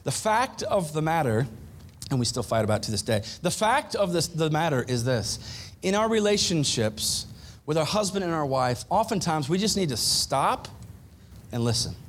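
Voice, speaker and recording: Pastor preaching with humor. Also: male voice, on the high side, very animated, moderate pace, a little hiss or hum. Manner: humorous, conversational preaching with audience asides. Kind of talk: sermon.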